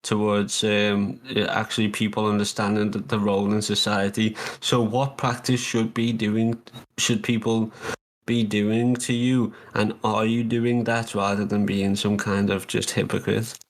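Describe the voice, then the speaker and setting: Low, monotone male podcast host. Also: measured pace. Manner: hesitant, with filler words and restarts. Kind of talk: unscripted podcast discussion.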